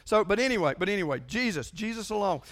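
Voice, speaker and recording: A man's voice: high voice, lively intonation, quick pace, a bit bright. A man preaches a sermon. He talks conversationally, presses key points hard and repeats phrases for emphasis. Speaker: pastor.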